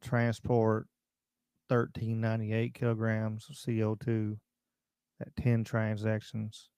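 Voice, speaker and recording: A man hosts a livestream chat in a gravelly, dark-toned voice. He talks bluntly and rambles from point to point, reading out viewer comments. The sound is close and dry. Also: fairly low pitch, monotone, takes it slowly, dry recording. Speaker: podcast host. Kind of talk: casual livestream talk.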